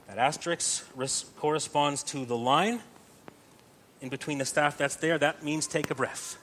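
A man's voice: on the high side, steady tone, a little slow, a bit bright, slight background noise. A man teaching Gregorian chant to a group, explaining patiently step by step and often checking in with "right?".

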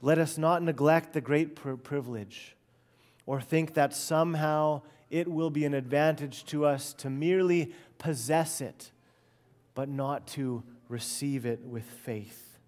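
A middle-aged man preaching an expository sermon, earnest and emphatic, often letting phrases fall soft and low at the end. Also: steady tone, measured pace. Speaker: pastor.

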